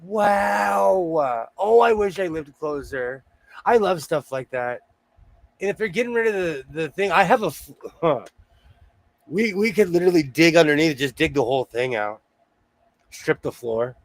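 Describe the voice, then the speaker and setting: A man with a fairly high speaking voice hosts a loose, casual chat. He rambles from story to story and keeps cracking jokes. He sounds at ease, talking from his sewing room at home. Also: expressive, normal speed, dry recording. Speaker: host.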